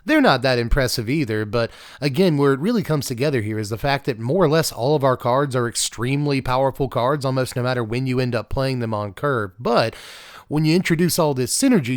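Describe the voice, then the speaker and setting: A man's voice: medium pitch, no echo, studio quality. A man hosting a casual deck-tech video, chatty with offhand asides. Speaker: card game channel host.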